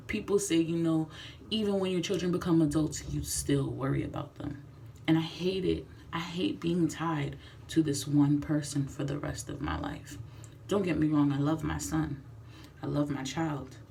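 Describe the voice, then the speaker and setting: A woman's voice: low-pitched, creaky, a little mellow, distant mic, slight background noise. A young woman filming a candid confessional vlog in her bathroom, speaking frankly and emphatically, sometimes dropping to a whisper. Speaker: vlogger. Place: home bathroom.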